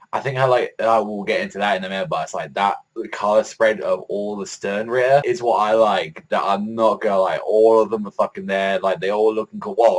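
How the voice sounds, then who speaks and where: A man giving a casual, rambling review of a manga chapter, swearing often and filling his talk with "like". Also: sits low. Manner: rambling, profane, heavy use of "like"; excitable fan enthusiasm.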